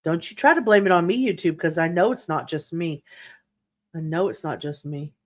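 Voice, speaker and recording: A woman's voice: on the low side, lively intonation, moderate pace. A woman hosting a livestream, chatting casually and snarkily while reading viewer comments, laughing often. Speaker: true crime livestream host.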